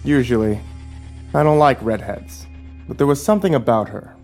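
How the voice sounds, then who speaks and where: A man puts on a villainous sheriff for a horror story, his voice pitched well above his own and pushed out louder. The sheriff drawls and sneers, mocking with cold cruelty. Soft music plays beneath. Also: lively intonation, moderate pace, close to an everyday voice.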